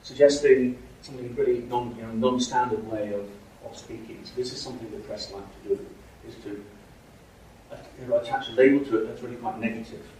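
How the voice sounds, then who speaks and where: A man's voice: mid-range voice, steady tone, a little fast, a little mellow, a little hiss or hum. A middle-aged man giving a university linguistics lecture, hesitant, with many ums and restarts. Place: lecture hall. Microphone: room mic from a distance. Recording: echoey hall from far off.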